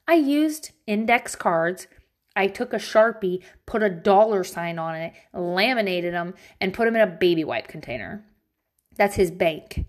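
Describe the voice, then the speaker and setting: Blunt, animated, foul-mouthed mom vlogger. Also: female voice, unhurried. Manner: blunt and profane, frequent swearing and "um" fillers; animated, jumps between high and low pitch. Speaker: parent vlogging about teaching her kids at home. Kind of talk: casual, candid advice talk to viewers. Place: at home.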